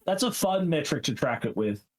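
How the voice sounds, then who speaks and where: A man's voice: a little high, very animated, moderate pace. Rambling self-deprecating man, swears casually. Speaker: player. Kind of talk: casual chat.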